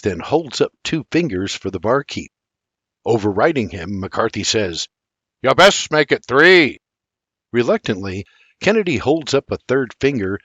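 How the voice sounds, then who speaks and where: Older guy narrating an audiobook, very lively delivery, kinda dull dry sound. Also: medium pitch, husky, dry recording. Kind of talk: scripted storybook narration.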